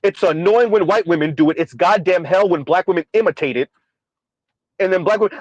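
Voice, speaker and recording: Exasperated high-voiced man ranting. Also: lively intonation, a little fast, no echo, poor audio. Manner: sardonic, exasperated, repetitive emphasis. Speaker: commentary vlogger. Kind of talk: ranting commentary.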